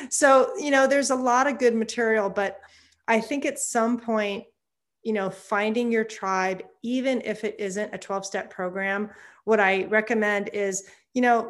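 A woman in her fifties, a psychotherapist guest talking candidly in a conversational interview and laughing often. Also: medium pitch. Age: 50s.

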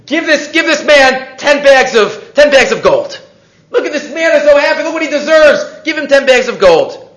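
A man's voice: high-pitched, very animated, fast, few pauses, bright, forceful tone, full character voice. A man voicing an amazed, generous king while telling a story, repeating words as he goes. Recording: echoey, dull lo-fi room recording.

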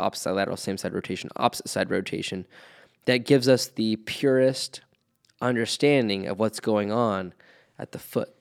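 Low-voiced man listing movement terms. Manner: methodical, lists terms step by step. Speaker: movement practitioner. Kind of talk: conversational explanation.

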